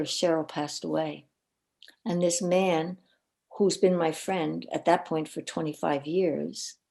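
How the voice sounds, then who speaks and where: This woman has a lowish voice with vocal fry and guests on a podcast as a coach and minister. She relates personal stories with earnest animation, often repeating words along the way.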